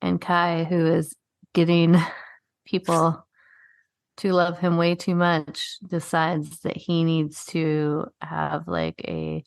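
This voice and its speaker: A woman's voice: low-pitched, takes it slowly, gravelly, smooth, no room sound. A woman co-hosting a podcast in casual chat, telling a story animatedly with lots of swearing and "like". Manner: profane, animated storytelling, frequent "like". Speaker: podcast co-host.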